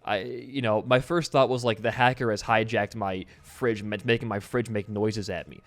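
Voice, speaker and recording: A man's voice: fairly low pitch, fairly even intonation, normal speed. A young adult man talking through a video game while telling a story, in a chatty, rambling way with casual swearing. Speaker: gaming video host. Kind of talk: casual let's-play commentary mixed with storytelling.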